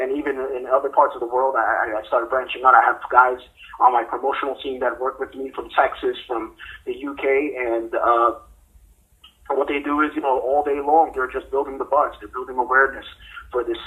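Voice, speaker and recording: A man's voice: medium pitch, level tone, brisk, narrow, tinny audio. A male guest from New York explaining his work, with frequent fillers. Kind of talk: interview answers.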